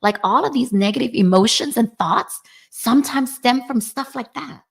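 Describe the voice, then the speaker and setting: A woman's voice: on the high side, moderate pace, gravelly, husky. A woman in her forties co-hosting a podcast in casual chat, often checking in with "right?". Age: 40s. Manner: chatty, often ends points with "right?". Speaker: podcast co-host.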